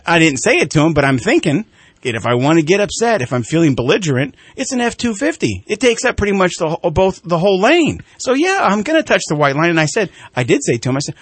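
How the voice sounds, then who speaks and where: With a slightly high voice and a quick pace, this middle-aged talk show host spins a casual tale, animatedly performing the voices of its characters. There's no echo on the recording.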